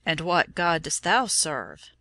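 A woman voicing a cruel, furious male governor who speaks roughly and commandingly in a storybook reading. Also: low voice, sing-song, slow, sharp tone, no echo, heavily acted.

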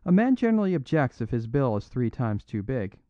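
A man's voice: medium pitch, big pitch swings, brisk, no echo, voice pushed up, close to an everyday voice. Male narrator doing a meek little priest, lilting and apologetic, dry dull recording. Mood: mild apologetic. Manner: simple, unaffected, gently apologetic. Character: mild, modest little English priest, apologetic.

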